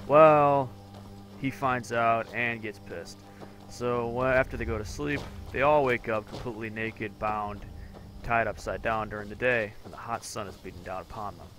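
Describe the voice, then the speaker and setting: A man's voice: on the low side, fairly even intonation, normal speed, a bit bright, soft background music. A man commentating a game playthrough in a crude, rambling, profane way. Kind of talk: casual let's-play commentary.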